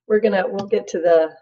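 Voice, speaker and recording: A woman's voice: mid-range voice, lo-fi sound. A middle-aged woman instructor giving a casual, chatty recorded lecture and acting out her examples.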